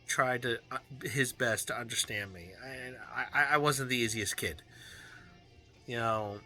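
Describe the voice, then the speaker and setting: A man recording a personal video journal, talking in an earnest, heartfelt way with halting restarts and fillers. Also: mid-range voice, bright, forceful tone. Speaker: vlogger.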